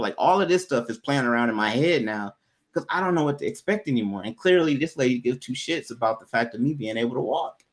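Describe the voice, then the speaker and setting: Speaking quickly at a medium pitch, a man tells his co-host a personal story in a laid-back, slangy way, growing animated whenever he quotes people.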